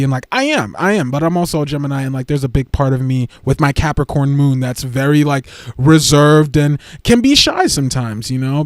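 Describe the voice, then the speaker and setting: A man's voice: fairly high pitch, no echo, studio quality. A man hosting a casual livestream, chatty and sassy, gushing and jumping from one topic to the next. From United States. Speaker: livestream host.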